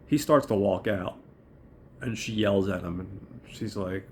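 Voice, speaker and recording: A hoarse man with a cold, hosting a podcast and loosely recapping a film plot with profanity and fillers. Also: on the low side, measured pace, darkish tone, a little hiss or hum. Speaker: podcast host.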